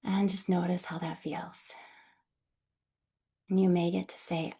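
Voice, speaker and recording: A woman who works as a somatic healer, leading a guided breathing exercise with soft-spoken, calm instructions and affirming encouragement. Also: fairly low pitch, normal speed, long pauses.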